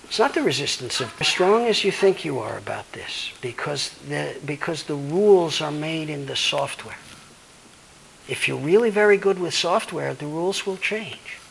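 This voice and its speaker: A man's voice: on the high side, lively intonation, normal speed, gravelly, fairly bright tone, a little hiss or hum, low-quality recording. A man, a law professor, giving a blunt, emphatic, profane lecture and answering audience questions.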